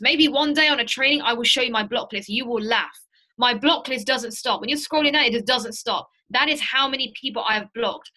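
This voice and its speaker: High-pitched, bright-voiced woman trainer. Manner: animated, direct, tells stories. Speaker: sales trainer. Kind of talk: lively training talk to a group.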